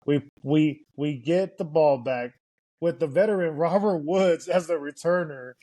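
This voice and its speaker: Man, slightly high voice, casual sports podcast, eager play-by-play recap. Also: measured pace, dark tone. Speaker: podcast co-host.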